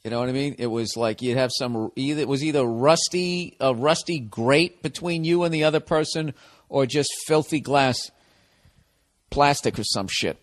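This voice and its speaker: A middle-aged man hosting his own podcast, talking in a casual solo monologue full of profane, animated ranting. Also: mid-range voice, normal speed. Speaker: podcast host.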